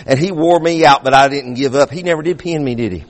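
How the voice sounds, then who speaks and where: A man's voice: medium pitch, quick pace, long reverb tail. A middle-aged male pastor preaching a sermon, fervent, restarting phrases and repeating words as he builds.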